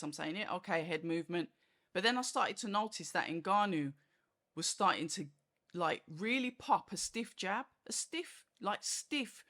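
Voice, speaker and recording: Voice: medium pitch, fairly bright tone. A boxing channel host talks through a fight review in a rambling, chatty way. The talk is full of "like" and "you know", and the host acts out quoted reactions. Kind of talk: casual fight review monologue.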